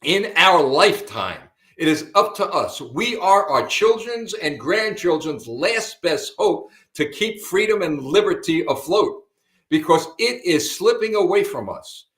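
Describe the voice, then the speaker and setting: A man's voice: sits high, sing-song, a little slow, a bit bright. An older man hosting a political commentary broadcast, emphatic and repetitive, often calling listeners folks. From United States. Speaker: host. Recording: roomy echo.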